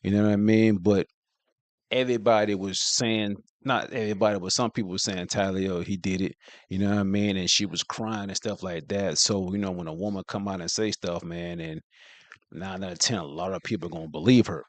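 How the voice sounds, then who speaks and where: A man's voice: sits low, steady tone, brisk, dry recording. A man hosting a reaction channel, talking casually with lots of filler phrases between clips. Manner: laid-back, heavy on filler phrases.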